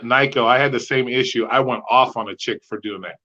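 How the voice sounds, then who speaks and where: A man co-hosting a podcast, telling rideshare stories in a profane, animated way and acting out the dialogue. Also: mid-range voice, brisk, slight background noise. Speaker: podcast co-host, rideshare driver. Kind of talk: casual chat, storytelling. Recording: slightly dull lo-fi sound.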